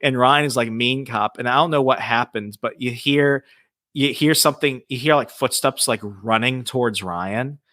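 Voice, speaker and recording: A man's voice: medium pitch, moderate pace, no room sound, studio quality. A man telling ghost stories as a podcast guest, casual and profane, acting out quotes from the people in them. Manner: profane, animated storytelling with acted-out quotes. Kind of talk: casual storytelling.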